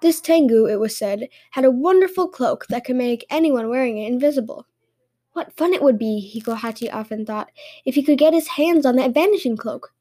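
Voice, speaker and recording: A woman hosting a podcast and reading fairy tales aloud with lively, expressive storytelling. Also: high-pitched, fairly quick.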